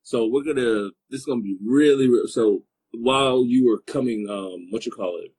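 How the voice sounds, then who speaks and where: A man's voice: medium pitch, moderate pace, a little mellow, breathy edge, low-quality recording. A man hosting a podcast, teasing his guest and joking in a casual, filler-heavy chat. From Congo. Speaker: podcast host.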